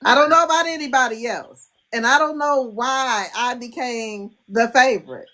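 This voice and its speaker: A woman's voice: on the high side, moderate pace, pushed and bright, rough recording. A woman hosting a podcast, earnest and grateful, close to tears as she talks. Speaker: podcast host. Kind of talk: casual podcast chat.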